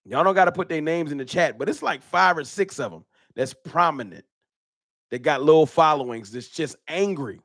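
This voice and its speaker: A man hosting a casual live-stream fan talk show, animated and slangy, often repeating his words. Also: fairly high pitch, moderate pace, no echo, studio quality.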